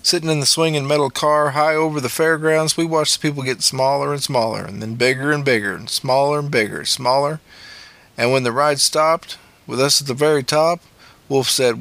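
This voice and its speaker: A man's voice: medium pitch, steady tone, fairly quick, a bit bright. A man narrating a memoir audiobook in a plain, matter-of-fact way.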